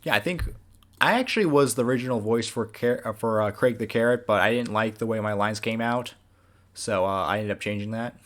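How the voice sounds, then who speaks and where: A man, the creator of an animated series, giving a casual, rambling director's commentary with many fillers. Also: lowish voice, a little fast, slight background noise.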